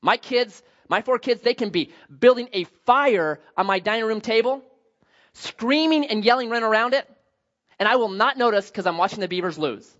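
A man in his thirties delivers a personal family story as a sermon, animated and self-deprecating, doing the voices of his relatives. His voice is high, his pace moderate, and the sound lo-fi.

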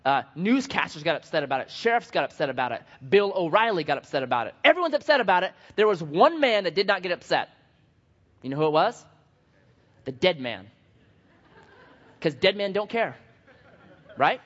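A man preaching a sermon as a pastor, joking and animated, swinging from loud bursts to hushed asides. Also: sits high, moderate pace, long pauses. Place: church sanctuary. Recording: dull sound with long hall reverb.

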